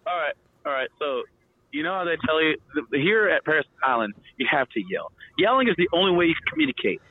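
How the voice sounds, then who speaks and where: A young man telling rowdy stories in a casual, animated way, swearing and loudly acting out the voices of others. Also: on the high side, fast. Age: young adult. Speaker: guest storyteller. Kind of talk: casual storytelling. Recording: tinny phone-line audio.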